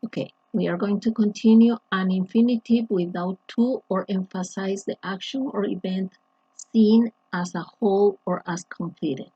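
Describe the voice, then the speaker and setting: Female English teacher, slow deliberate delivery, husky tone, dull dry lo-fi recording. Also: mid-range voice, fairly even intonation, dark tone, dry recording. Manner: slow, deliberate, with frequent restarts and fillers. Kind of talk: grammar lesson explanation.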